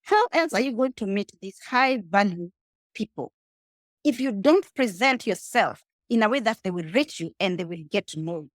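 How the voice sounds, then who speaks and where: A woman's voice: mid-range voice, lively intonation, normal speed, no echo, clean studio sound. A woman with a Kenyan accent, a guest speaking emphatically in a casual interview and addressing the listener directly. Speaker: guest, rideshare entrepreneur.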